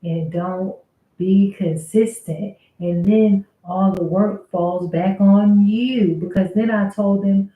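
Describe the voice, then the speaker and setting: A woman's voice: medium pitch, steady tone, slow pace. A woman telling a casual storytime about her workplace, venting in an aggrieved, conversational way with some swearing. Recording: roomy, phone-like thin sound.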